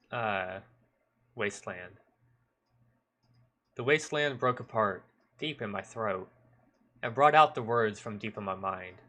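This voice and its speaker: Bright-voiced man narrating a story. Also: on the low side. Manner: measured narration with occasional stumbles. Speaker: streamer. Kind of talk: reading a visual novel aloud.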